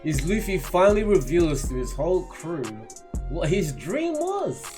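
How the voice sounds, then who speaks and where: Lively high-voiced man chatting about manga. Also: a little slow, soft background music. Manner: animated, laughing, slangy and playful. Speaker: YouTube manga reviewer. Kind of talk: casual reaction commentary.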